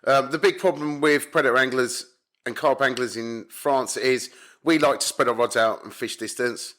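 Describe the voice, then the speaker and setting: A man, a carp angler from the UK, telling stories as a podcast guest in a blunt, animated way, swearing often. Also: medium pitch, moderate pace. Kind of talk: casual storytelling chat. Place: home in Spain.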